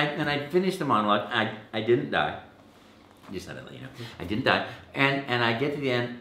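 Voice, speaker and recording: A man, a voice actor, telling stories in a casual interview, animated and full of restarts, jumping into a high pitch when he acts out quotes. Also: echoey room. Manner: halting restarts, repeated words. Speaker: voice actor guest.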